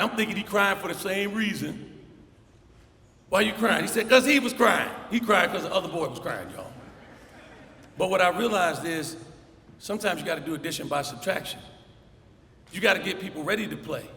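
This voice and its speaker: A middle-aged man giving a motivational commencement speech, telling stories and acting out the dialogue with lively energy. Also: fairly high pitch, gravelly, slight background noise. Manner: storytelling with energetic acted-out dialogue. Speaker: commencement speaker. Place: large hall. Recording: echoey hall, faint ambience.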